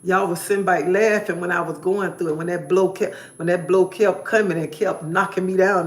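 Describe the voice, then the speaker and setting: A woman's voice: on the low side, steady tone, normal speed, hardly any pauses. A woman live streamer giving an emphatic personal testimony, repeating phrases in a preacherly way.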